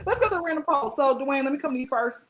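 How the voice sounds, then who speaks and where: A woman hosting a casual podcast chat, animated and laughing often as she tells stories and asks questions. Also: high-pitched, rapid-fire, a little hiss or hum, rough recording. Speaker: podcast host.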